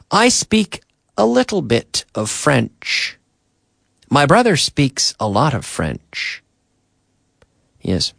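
A man teaching an English lesson on the radio, drilling phrases slowly and repeating them, with short glosses added in between. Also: a little high, creaky, no echo, studio quality. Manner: slow, repetitive drilling with Spanish glosses. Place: radio studio.

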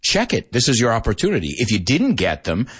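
A husky-voiced man leads a lively English lesson, his pitch swinging up and down as he jokes with his students. He spells words letter by letter and drops in Spanish translations, sounding a little out of breath from talking fast. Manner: energetic, joking, mixes in Spanish translations. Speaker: English teacher. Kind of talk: live-stream English lesson.

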